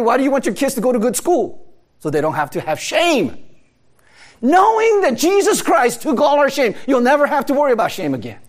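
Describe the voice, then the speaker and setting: A man delivers a sermon in a high, lively voice that swings widely up and down. He talks to his listeners directly, asks them question after question and laughs often as he preaches. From America. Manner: conversational preaching, rhetorical questions, frequent laughs. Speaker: pastor.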